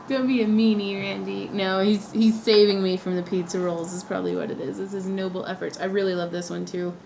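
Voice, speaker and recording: A woman's voice: mid-range voice, steady tone, moderate pace, vocal fry, a little mellow, a little hiss or hum, low-quality recording. A woman hosting a craft livestream from her home workspace, chatting playfully and laughing often as she works. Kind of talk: chatty livestream while working.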